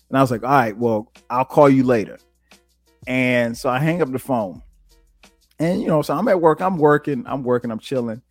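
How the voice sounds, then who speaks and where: A man from South Carolina tells stories on his podcast in a loose, conversational way. His voice sits in the middle range and leaps up high when he quotes himself. The sound is dry and close to the mic, with faint music underneath. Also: moderate pace, no room sound. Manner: animated, jumps high when quoting himself. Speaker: podcast host. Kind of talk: casual storytelling.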